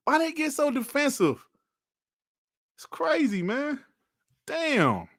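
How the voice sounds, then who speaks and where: A man's voice: extremely high pitch, big pitch swings, slow pace, pauses often, a bit bright, dry recording, studio quality. A man giving casual, mocking commentary as a streamer, laughing often and swearing while he reads out and answers comments.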